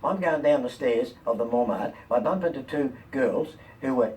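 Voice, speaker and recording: An older man, a comedian and talk-show guest, telling lively anecdotes and voicing the people in them. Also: mid-range voice, normal speed. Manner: lively, quotes people in animated voices. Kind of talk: anecdotal storytelling. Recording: distant mic, faint room noise.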